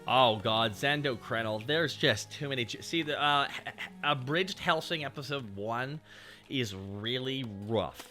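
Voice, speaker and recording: A man's voice: mid-range voice, measured pace, bright, forceful tone, faint music behind. A man chatting casually and joking with profanity while he streams a game. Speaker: VTuber streamer.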